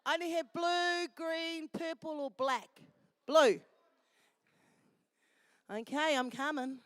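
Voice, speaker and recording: Nz lady emcee, high voice, unhurried, dry close sound, calls everyone darling. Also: steady tone, fairly bright tone, no room sound. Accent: New Zealand. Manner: chatty and affectionate, calls people darling. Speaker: festival MC. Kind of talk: live event MC, handing out and announcing. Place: festival venue.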